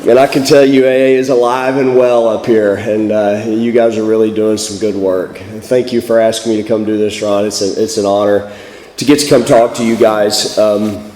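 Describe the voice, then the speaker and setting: Texan man, hoarse from a cold, speaker at a recovery meeting; casual and self-deprecating; roomy reverberant hall. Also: fairly low pitch, little pitch movement, moderate pace, warm tone, slight background noise. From Texas. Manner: folksy, self-deprecating, joking. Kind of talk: personal recovery talk. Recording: echoey hall.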